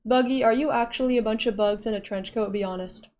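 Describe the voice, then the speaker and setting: A woman's voice: on the high side, fairly even intonation, quick pace, a little mellow. A young woman livestreaming, casually reading and answering chat with playful giggles.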